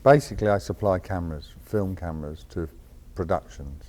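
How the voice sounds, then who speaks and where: Low mellow voiced guy, camera supplier, plain matter-of-fact interview talk. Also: fairly quick. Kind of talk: documentary interview.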